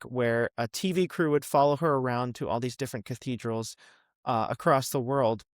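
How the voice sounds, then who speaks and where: A young man from the Midwest, a podcast guest chatting casually about his past with lots of ums and quick asides. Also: medium pitch, dry recording, studio quality. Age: young adult. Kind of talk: casual interview chat.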